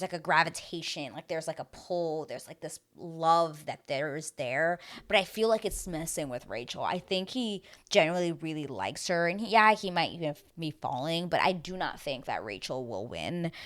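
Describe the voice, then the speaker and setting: A young woman chatting casually as she recaps a reality TV episode, rambling with lots of fillers. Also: deep voice.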